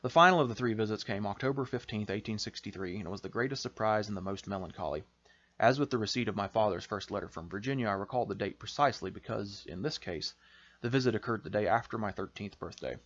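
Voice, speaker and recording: A man, the author, reading a passage from his novel aloud in a measured, expressive storytelling voice. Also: lowish voice, lo-fi sound. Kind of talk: audiobook-style fiction reading.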